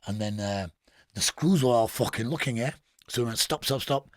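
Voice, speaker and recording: As a podcast guest in a casual interview, a Geordie man from England shares prison tales, blunt and foul-mouthed, chuckling at his own stories. His mid-range voice moves a little fast, and the studio-quality audio has no room sound.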